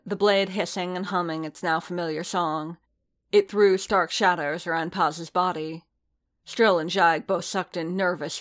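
A woman reading fiction aloud as narrator, in a measured, expressive storytelling way. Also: lowish voice.

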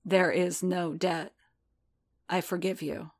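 Woman reading as a fond gentle man, hushed murmur, low, even tone. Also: slow pace. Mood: tender. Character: gentle deep-voiced man, fond and forgiving.

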